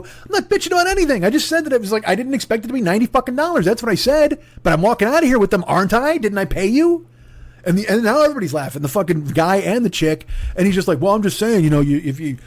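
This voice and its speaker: Male podcast comic, slightly high voice, profane and animated storyteller, dry close mic. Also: no echo. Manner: animated, acts out both sides of the exchange in raised voices. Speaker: comedian podcast host.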